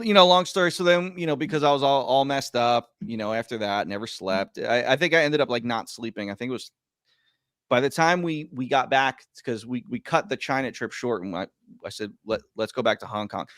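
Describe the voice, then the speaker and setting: A man's voice: medium pitch, smooth, no room sound. Rambling man telling a story, dry sound. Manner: rambling, stumbling over words, lots of fillers; animated, swings between loud and quiet. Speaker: podcast guest. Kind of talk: casual storytelling chat.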